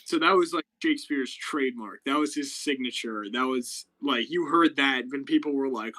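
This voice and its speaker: A man's voice: mid-range voice, moderate pace, few pauses, pushed and bright, poor audio. Rambling young man explaining. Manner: rambling, lots of fillers, explains things. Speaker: podcast host. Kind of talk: casual chat.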